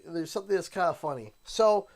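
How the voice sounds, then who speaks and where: Lively Canadian man telling a story. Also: a little high, fairly quick, creaky. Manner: animated, chatty anecdote-telling, acts out quotes. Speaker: streamer. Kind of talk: casual livestream storytelling.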